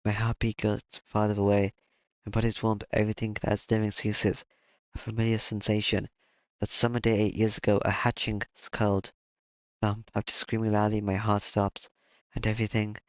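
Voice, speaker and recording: A man reading a visual novel aloud in steady first-person narration, over game music. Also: on the low side, normal speed, no room sound. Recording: slightly dull lo-fi mic, game music behind.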